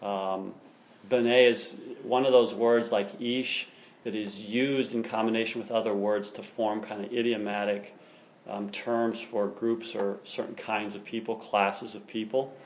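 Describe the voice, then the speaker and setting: A man's voice: on the low side, level tone, measured pace, slight background noise. Enthusiastic male teacher lecturing a class. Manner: enthusiastic, explanatory, reads passages aloud.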